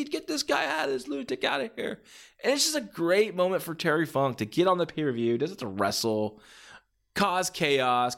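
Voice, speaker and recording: A man's voice: mid-range voice, fairly bright tone. A man hosting a podcast, talking casually and enthusiastically, rambling and acting out bits as he goes. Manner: rambling, enthusiastic, acts out quotes. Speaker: podcast host.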